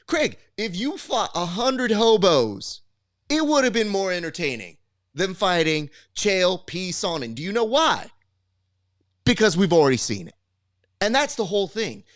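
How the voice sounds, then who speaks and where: A man doing a boastful, taunting trash-talker who swings his voice up and down for effect. The pitch sits a little high and rises to mock. The sound is dry and close. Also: very animated, a little slow, a bit bright, no room sound, heavily acted. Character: gravelly brash male fight promoter doing trash talk. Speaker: host.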